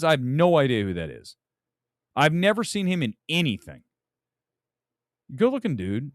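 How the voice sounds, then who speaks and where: A man hosting a casual movie talk livestream, loud, profane and rambling. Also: medium pitch, no room sound, studio quality. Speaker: movie talk show host.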